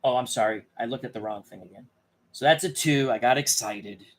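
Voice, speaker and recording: Playing a tabletop dice game, this channel host talks through his moves casually, frequently muttering and correcting himself. His voice is medium-pitched and his delivery brisk.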